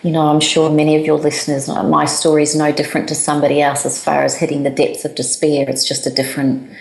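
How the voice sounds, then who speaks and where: Brief: candid woman guest in her forties, deep voice, hesitant restarts. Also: completely flat delivery, fast talker, gravelly, darkish tone. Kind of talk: emotional personal storytelling. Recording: echoey room.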